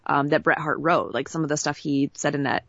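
A woman's voice: low voice, steady tone, fairly quick, a bit bright, no room sound, highs cut off. A woman co-hosting a podcast in casual chat, giving wry, plainspoken reactions. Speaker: podcast co-host.

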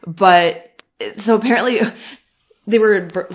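A woman, co-hosting a casual podcast chat, animated and sarcastic, often acting out what people said. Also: medium pitch. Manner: animated, sarcastic, quick to act out quotes. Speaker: podcast co-host. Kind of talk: casual chat recapping wrestling.

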